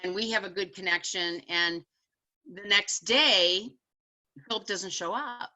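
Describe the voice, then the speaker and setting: A woman author and educator, a guest telling an animated, emphatic story in casual conversation. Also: medium pitch, a little slow, low-quality recording.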